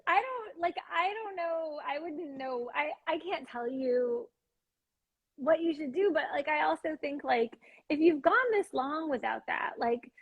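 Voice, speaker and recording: A woman's voice: sits high, unhurried, lo-fi sound. A woman talking casually on a phone live stream, chatty and full of fillers, swearing now and then. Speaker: livestream co-host. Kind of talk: casual chat.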